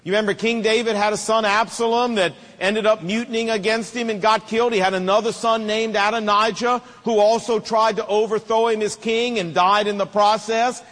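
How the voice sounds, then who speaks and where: A man's voice: high-pitched, steady tone, a little fast, hardly any pauses, fairly bright tone, long reverb tail. A middle-aged man preaching a sermon to fathers, with an emphatic, repetitive cadence.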